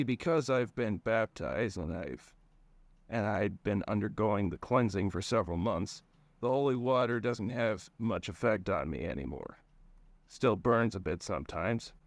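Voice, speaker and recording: A man reading his own first-person story aloud in a plain, relaxed storytelling manner. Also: lowish voice, creaky, no echo.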